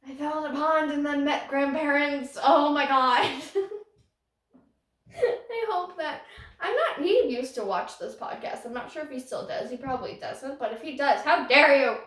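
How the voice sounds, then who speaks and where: Podcast host: young woman, rambling self-conscious storyteller, bright high voice, sits back from the mic. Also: lively intonation, moderate pace, recorded from a distance. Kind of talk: casual storytelling. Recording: roomy echo, voice off-mic.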